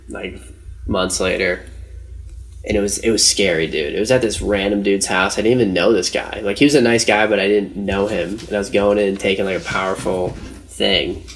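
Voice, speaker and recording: Low, gravelly-voiced young man rambling. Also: fairly bright tone, slight background noise. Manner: rambling, slangy, says "dude" and "like" often. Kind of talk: casual storytelling chat.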